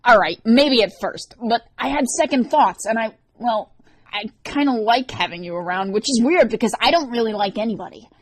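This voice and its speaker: A woman's voice: a little high, animated, moderate pace, no echo, voice pushed up. A woman voicing a brash, sardonic teenage male demon in an audiobook. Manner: wisecracking, defensive.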